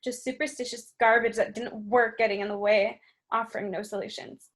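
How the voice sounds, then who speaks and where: A woman narrating an audiobook in a steady, brisk reading style. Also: on the high side. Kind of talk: scripted narration.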